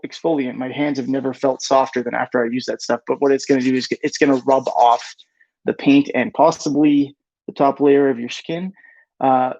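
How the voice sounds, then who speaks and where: Reading chat questions out loud during a relaxed live Q&A, a man frequently corrects himself mid-answer with "rather." His mid-range voice is a little mellow, the sound has no echo, and the high end is cut off.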